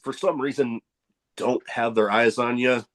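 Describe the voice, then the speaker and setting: A man's voice: medium pitch, fairly even intonation, a little slow, a bit bright. A man hosting a casual podcast chat, laid-back, laughing along and swearing now and then. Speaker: podcast host.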